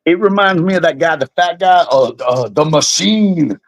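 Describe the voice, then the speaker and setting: A young man, a bare-knuckle fighter, tells a wild story in a casual interview, animated and swearing freely. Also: on the high side, moderate pace, dry recording, rough recording.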